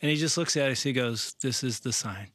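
A man's voice: mid-range voice, brisk. A middle-aged man, a pastor and co-host, telling a story in casual chat and acting out the quotes. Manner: animated storyteller, acts out quotes.

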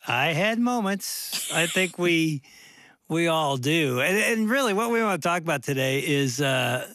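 A man's voice: a little high, expressive, a little slow, pushed and bright, no room sound. An older man co-hosting a casual podcast, trading teasing jokes and banter, on a close studio mic. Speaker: co-host and pastor.

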